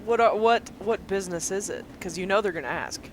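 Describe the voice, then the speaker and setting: A woman chatting casually as a player in a tabletop game, laughing often and breaking into quick asides. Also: mid-range voice, over a noisy crowd.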